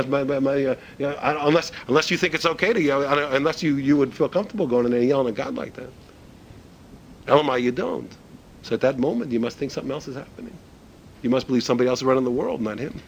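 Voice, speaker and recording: A man's voice: a little high, slight background noise, rough recording. A man teaching a religious ethics class in a conversational way, asking rhetorical questions and restarting his sentences often. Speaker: Torah teacher.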